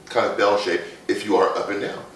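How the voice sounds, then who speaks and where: A man's voice: fairly low pitch, fairly even intonation, brisk, slight background noise. A man working as a fashion consultant, coaching with confidence in lists and short punchy phrases. He sits away from the microphone. The room is very echoey. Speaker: fashion image consultant guest. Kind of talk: casual talk show advice. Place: Las Vegas. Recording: echoey room, far from the mic.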